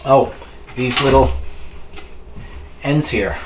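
A man's voice: mid-range voice, slow pace. A man casually reviewing a kitchen appliance, rambling and talking while he eats. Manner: rambling, talks while eating. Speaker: product reviewer. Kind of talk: casual chat. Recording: roomy echo, faint background noise.

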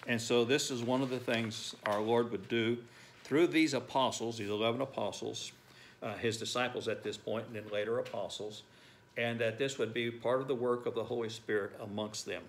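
A man's voice: mid-range voice, steady tone, moderate pace, a little hiss or hum. Older man preaching with emphasis. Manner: emphatic, repeats phrases, reads scripture aloud. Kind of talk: sermon. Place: church sanctuary.

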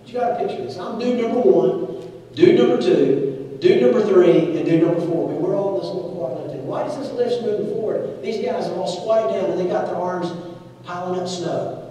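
A man's voice: high-pitched, fairly quick. A man in his forties preaching a sermon and telling a story, acting out the voices of the people in it. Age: 40s. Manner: animated, acts out voices in his stories. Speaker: pastor. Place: church sanctuary. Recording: echoey church hall, mic at a distance.

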